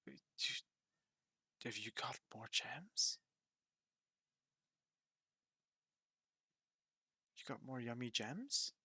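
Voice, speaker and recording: A man voicing a timid, greedy male shop assistant who eats gems, in a high squeaky voice that stammers when scared. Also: very animated, slow pace, bright, forceful tone, dry recording, clean studio sound, heavily acted. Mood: greedy whisper.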